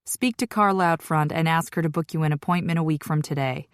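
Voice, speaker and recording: A woman narrator voicing a calm, matter-of-fact male doctor explaining options in an audiobook. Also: low voice, brisk, dry recording, clean studio sound, close to an everyday voice. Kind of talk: audiobook character voice.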